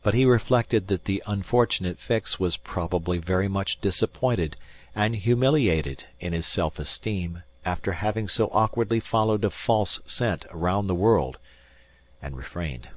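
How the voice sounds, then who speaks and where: Deep-voiced male audiobook narrator. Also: moderate pace. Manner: steady storytelling read. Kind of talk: scripted narration.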